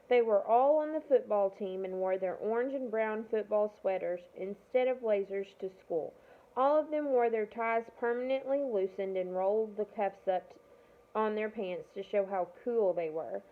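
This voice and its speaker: Over tinny, phone-like audio, a woman at medium pitch and normal speed reads a children's novel aloud. Now and then she stumbles and corrects herself.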